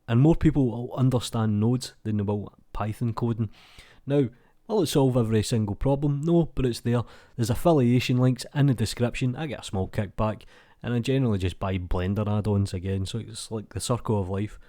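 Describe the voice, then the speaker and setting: A man's voice: mid-range voice, brisk, warm tone, no room sound, studio quality. A young adult man with a Scottish accent, hosting his channel and reading viewer comments in a chatty, rambling, laid-back way, talking into a mic with no pop filter. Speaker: YouTube channel host. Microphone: desk mic without pop filter.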